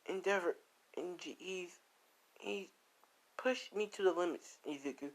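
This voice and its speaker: A man voicing a distressed young mother who is fleeing her husband, pleading in a high, shaky voice. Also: lively intonation, fairly quick, pushed and bright, exaggerated voice, rough recording.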